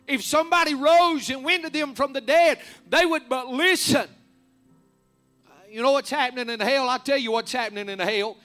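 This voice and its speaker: A man preaching a fervent sermon, rising to loud emphatic peaks. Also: very high voice, moderate pace, soft background music.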